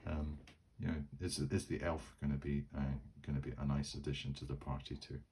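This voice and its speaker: Very deep-voiced man, rambling. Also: little pitch movement, brisk, a little mellow, slightly rough. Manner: rambling, with many fillers and restarts. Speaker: channel host playing a solo tabletop game. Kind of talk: casual solo tabletop narration.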